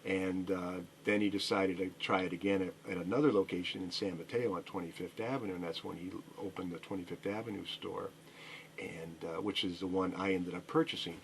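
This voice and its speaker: Man, middle-aged, record store owner, radio guest, rambling, lots of uhs, lowish voice, faint hiss behind. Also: fairly even intonation, brisk, gravelly. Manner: rambling storyteller, frequent fillers and restarts.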